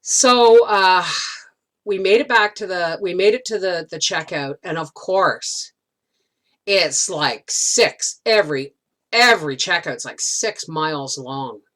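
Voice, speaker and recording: A woman's voice: fairly low pitch, takes it slowly, fairly bright tone. A middle-aged woman telling a rambling story in a casual vlog, with many restarts. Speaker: homesteading vlogger.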